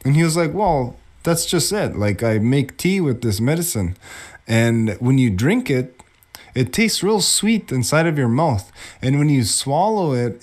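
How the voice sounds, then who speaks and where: A man teaching young children about a plant, telling a family story in a casual way and acting out the voices of the people in it. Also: mid-range voice. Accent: Anishinaabe community English. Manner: animated, acts out quoted voices.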